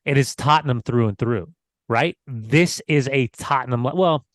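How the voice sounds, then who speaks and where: A man's voice: medium pitch, normal speed, no room sound. A man co-hosting a casual football podcast, teasing and analytical, given to repeating his phrases. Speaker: podcast co-host.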